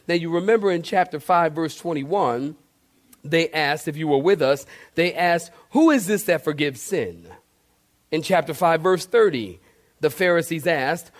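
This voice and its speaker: A man preaching a sermon as pastor in a church, animated and talking straight to the congregation, sometimes acting out shouts. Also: high-pitched.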